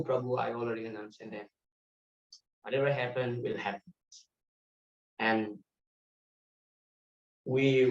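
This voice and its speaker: A man teaching a devotional class, telling lively anecdotes with laughter. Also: mid-range voice. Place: temple hall. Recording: distant muffled mic in echoey hall.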